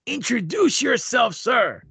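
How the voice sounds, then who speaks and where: A man's voice: very high-pitched, big pitch swings, slow pace, gravelly, pushed and bright, slightly rough, no room sound. A man co-hosting a podcast, joking and teasing, with a boastful wrestling-promo delivery. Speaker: podcast co-host. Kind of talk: casual banter.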